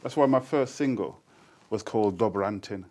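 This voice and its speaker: A poet in his sixties from Birmingham, England, appears as an interview guest, speaking in a Birmingham accent with Jamaican influence. His voice is on the low side at a moderate pace, and he's animated, laughing often and slipping into quoted voices as he tells stories in a casual interview.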